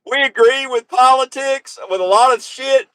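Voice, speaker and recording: A man hosting a casual comedic chat, excitable and quick to exclaim. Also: very high voice, no echo. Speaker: host.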